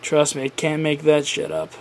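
A man's voice: fairly high pitch, completely flat delivery, unhurried, vocal fry. A tired man hosting his own podcast, rambling through a casual solo rant with offhand swearing and self-deprecating asides. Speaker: podcast host.

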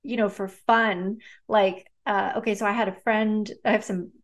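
A woman speaking as a guest, telling personal stories in a relaxed, chatty way with many fillers and frequent laughs. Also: medium pitch, normal speed. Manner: chatty, lots of "like" and "um", laughs often. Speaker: guest, neuroscientist and author. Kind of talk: casual storytelling in a conversation.

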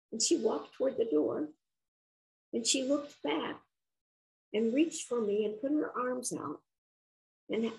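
An older woman, an author, telling a personal story in an interview in a reflective, earnest, unhurried way. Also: a little high, darkish tone, low-quality recording.

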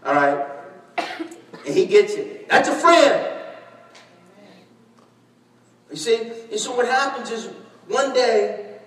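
A man preaching a sermon, telling stories animatedly, shouting and laughing as he acts out conversations. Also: extremely high pitch, big pitch swings, slow, long pauses. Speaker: pastor. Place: large church hall. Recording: echoey church hall, distant mic.

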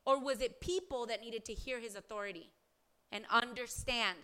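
A woman's voice: on the high side, moderate pace, pushed and bright, clear, resonant tone. A woman preaching a podcast sermon, reading scripture aloud and asking earnest rhetorical questions.

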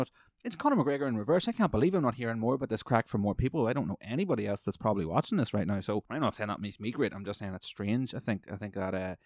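A man runs his own podcast, calling a fight live as he watches it, rambling and cursing with excitable energy. His voice is on the low side, and the audio is dry and close-miked with no room echo.

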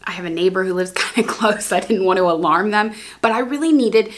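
A woman giving a gentle devotional talk, then praying in a soft, hushed voice. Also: medium pitch. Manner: gentle, unhurried, grows soft and hushed in prayer. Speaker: preacher.

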